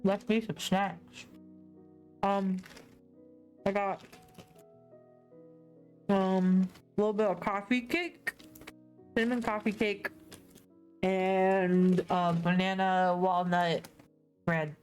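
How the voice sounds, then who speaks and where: Giggly woman streamer, casual chat at her desk, unhurried delivery, faint music behind. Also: mid-range voice, little pitch movement, a little mellow. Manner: giggly, laughs often. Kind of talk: casual chat while drawing. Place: home desk.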